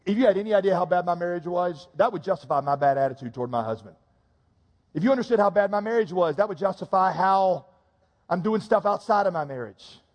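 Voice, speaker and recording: A man preaching a sermon as a pastor, dropping to hushed, slow intimacy and then rising to loud, urgent emphasis. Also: high voice, expressive, dull audio. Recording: hall reverb.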